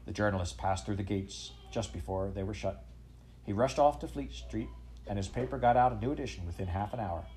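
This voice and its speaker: A man narrating a children's story in an expressive, measured reading. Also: fairly low pitch, slight background noise, poor audio. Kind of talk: audiobook storytelling.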